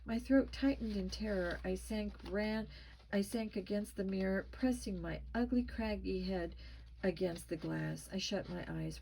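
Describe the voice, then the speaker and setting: A woman narrating a spooky children's story with a tense, expressive reading. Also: mid-range voice, unhurried, vocal fry, a little hiss or hum, poor audio. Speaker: storybook reader.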